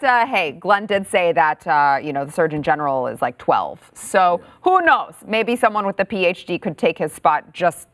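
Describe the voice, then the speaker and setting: A woman co-hosting a political commentary show, sarcastic and quick to laugh. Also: deep voice, fairly bright tone, no echo. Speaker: co-host.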